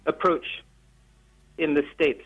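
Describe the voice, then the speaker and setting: Guy calling in to a panel, earnest and persuasive, lots of ums, kinda high voice, muffled lo-fi line. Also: flat delivery, takes it slowly. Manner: earnest, persuasive, with many fillers. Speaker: panel guest. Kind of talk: remote panel discussion.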